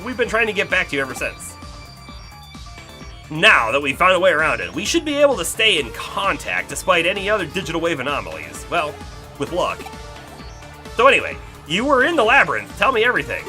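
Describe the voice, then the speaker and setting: A streamer reading the lines of a brisk, analytical detective boss in a matter-of-fact way. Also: medium pitch, sing-song, bright, forceful tone, soft background music.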